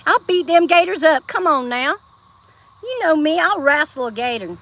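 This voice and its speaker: She's a Southern-accented livestreamer from Georgia, talking casually with viewers outdoors on her phone and often laughing or breaking into snatches of songs. Expect a high-pitched, expressive, slightly bright voice at normal speed, with a little hiss or hum.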